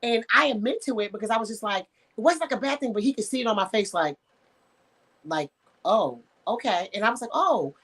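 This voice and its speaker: Frank, animated woman telling a story. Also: on the high side, quick pace. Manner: emphatic, animated storytelling with acted-out quotes; frank, uses slang. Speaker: sexologist guest. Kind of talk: candid radio conversation.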